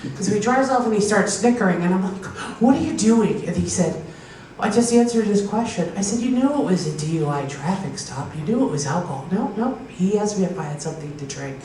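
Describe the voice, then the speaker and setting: At a live comedy show, a woman from Pennsylvania tells stories in a warm, mid-range voice, moving a little fast with hardly any pauses and lively intonation. She acts out the voices of the people she describes and laughs at her own punchlines. It's captured from far off in an echoey hall, with faint noise.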